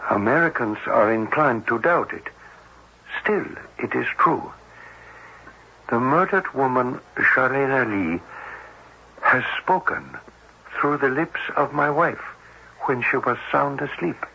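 An actor playing a cautious, formal cardiologist, speaking in a measured, hesitant way in an old-time radio drama. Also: male voice, medium pitch, animated, creaky, bright, forceful tone, full character voice. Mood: grave. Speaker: doctor. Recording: dull old radio broadcast with faint hiss.

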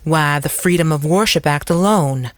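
A narrator voicing a calm, lawyerly churchman in an audiobook, with a melodious voice kept under tight control. He cites cases with precise, even confidence, recorded dry and close at a middle pitch. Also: moderate pace, no echo, close to an everyday voice. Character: calm smooth-talking lawyerly man of a church.

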